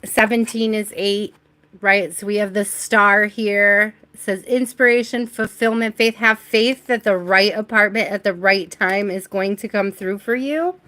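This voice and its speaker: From her reading space at home, the tarot reader streams a session while fighting off hiccups, staying chatty and giggly with viewers and spirit alike. Her mid-range voice has fairly even intonation, a sharp tone, and a slightly slow pace.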